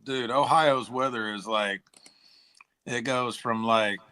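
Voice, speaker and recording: Forties musician guest, hoarse and throat-clearing, bright edgy tone, rambling chat style. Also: male voice, mid-range voice, steady tone, slow. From Tennessee, US. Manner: rambling, says "like" and "dude" a lot. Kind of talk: casual interview chat.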